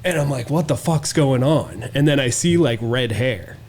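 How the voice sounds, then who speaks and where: A man's voice: mid-range voice, animated, moderate pace, darkish tone, a little hiss or hum. A man co-hosting a podcast, telling a wild story in casual, profane chat and acting out the quotes. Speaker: podcast co-host.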